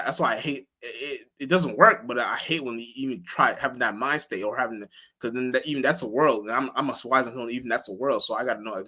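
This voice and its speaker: A man talks loosely and at length on his own livestream. He curses constantly, restarts his sentences and leans on fillers. Now and then his voice jumps much higher and louder when he acts out a reaction. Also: husky. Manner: rambling, profane, with many restarts and fillers. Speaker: livestream host. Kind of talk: casual livestream monologue.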